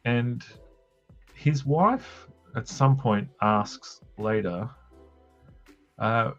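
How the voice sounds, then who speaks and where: A man's voice: medium pitch, extremely slow, long pauses, highs cut off, faint music behind. A man with an Australian accent, telling a rambling, jokey story with crude asides while drawing on a stream. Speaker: comic artist streaming.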